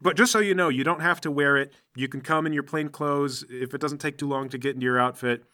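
A man voicing a friendly, down-to-earth male superhero who leads a small team, speaking in a relaxed, reassuring and chatty way. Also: a little high, quick pace. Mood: explaining.

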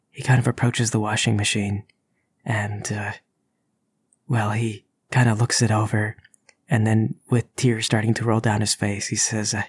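A man narrating as game master in a tabletop game, telling the story steadily with soft asides. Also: lowish voice, little pitch movement, moderate pace, slightly rough.

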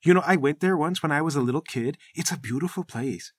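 A man's voice: on the high side, quick pace, dry recording, clean studio sound, close to an everyday voice. A man voicing a chatty, curious woman receptionist who makes gushing small talk.

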